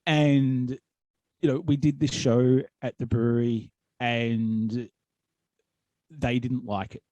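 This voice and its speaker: Rambling Australian man with a mellow voice. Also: mid-range voice, flat delivery, slow pace, no room sound, highs cut off. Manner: rambling storyteller with many ums, likes and restarts. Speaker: wrestling commentator and promoter, guest. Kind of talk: casual podcast chat.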